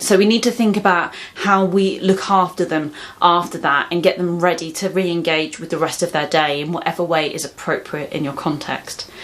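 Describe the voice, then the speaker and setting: A woman explaining calmly and reassuringly how to support someone through a panic attack. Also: on the low side. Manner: calm, reassuring, practical. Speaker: mental health educator. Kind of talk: explaining advice to camera.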